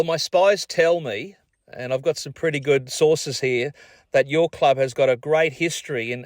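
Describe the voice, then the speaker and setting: A man's voice: mid-range voice, no room sound. A man with an Australian accent hosting a radio sports show, asking upbeat leading questions. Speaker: radio host. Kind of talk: radio interview.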